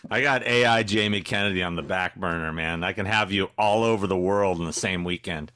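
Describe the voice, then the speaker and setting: A man's voice: low-pitched, normal speed, sharp tone, slight background noise. A man hosting a podcast, chatting casually and joking in an offhand way about bands he is a fan of. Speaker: podcast host.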